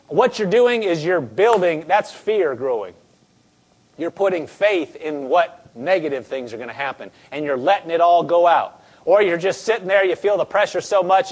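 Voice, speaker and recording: High-voiced emphatic male pastor. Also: lively intonation, normal speed. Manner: emphatic, repeats lines for the congregation to echo. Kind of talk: sermon.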